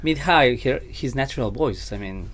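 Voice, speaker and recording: A man's voice: medium pitch, expressive, moderate pace, a bit bright. A man working as a vocal coach who chats casually on a podcast, often repeating words and laughing easily, with slightly phrasing.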